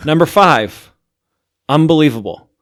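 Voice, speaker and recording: A man's voice: fairly high pitch, lively intonation, a little slow, no room sound, clean studio sound. A man hosting a podcast, chatting casually and rambling through a ranking of TV shows, with lots of "like". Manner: rambling, heavy use of "like". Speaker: podcast host.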